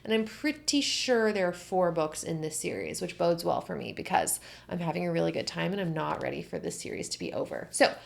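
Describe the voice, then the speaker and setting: A young woman talks through her recent reads in a relaxed, gushing way, leaning on "like" and repeated praise. Her voice sits fairly low for a woman and carries a gravelly fry at the ends of phrases. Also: a little fast, few pauses. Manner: gushing, animated, filler-heavy. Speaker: book vlogger. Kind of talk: casual book review chat.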